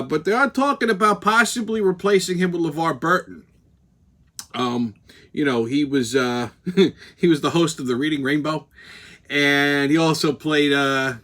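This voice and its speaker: A man's voice: fairly high pitch, moderate pace, fairly bright tone. A male host, talking bluntly and profanely in casual commentary while mixing a drink.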